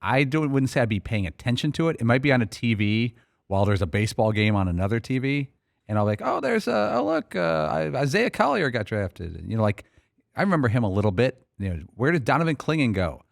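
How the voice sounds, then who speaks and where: A man's voice: on the low side, lively intonation, quick pace, dry recording, clean studio sound. A man producing a sports talk radio show, chatting casually and reminiscing about past drafts. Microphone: studio microphone.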